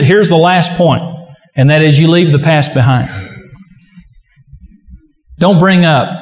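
A man's voice: medium pitch, a little mellow. A man preaching a sermon as a pastor, earnest and emphatic, often acting out prayers aloud. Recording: echoey hall with long reverb.

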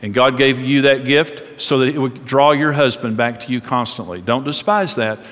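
A middle-aged man giving a conversational sermon as a pastor, animated and joking as he tells stories. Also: medium pitch, normal speed. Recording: long reverb of a large hall.

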